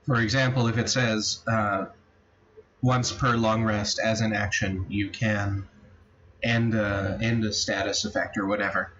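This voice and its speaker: A man's voice: flat delivery, a little slow, fairly bright tone. A man acting as game master of a tabletop game, thinking aloud with hesitant restarts. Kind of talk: running a tabletop game session. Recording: dull low-fidelity recording with faint noise.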